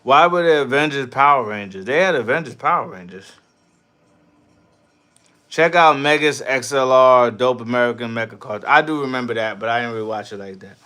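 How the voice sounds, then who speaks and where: A New York man hosts a casual livestream, reading chat and riffing loudly with profane jokes and laughter. His mid-range voice is animated, brisk and smooth.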